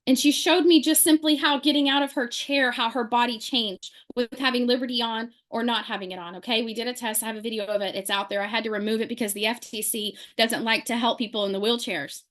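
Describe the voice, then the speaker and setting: Woman, high pitch, animated storyteller who acts out the quotes; testimonial talk to a group. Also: quick pace, hardly any pauses. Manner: lively, acts out quoted people in her story. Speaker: speaker sharing a testimonial.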